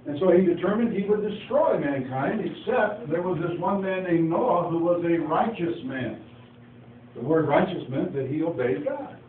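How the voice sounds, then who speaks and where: At normal speed, an expressive preacher with a fairly high pitch tells a Bible story in a folksy, informal teaching, acting out the lines and tossing in asides. The phone-quality audio is echoey and distant, with faint noise.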